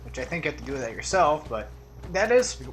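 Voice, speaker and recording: Rambling man with a bright voice. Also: on the high side, very animated, a little fast, a little hiss or hum. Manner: rambling, drifts off on tangents; laid-back, trails off into mumbles. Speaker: let's play commentator. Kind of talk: casual gameplay commentary.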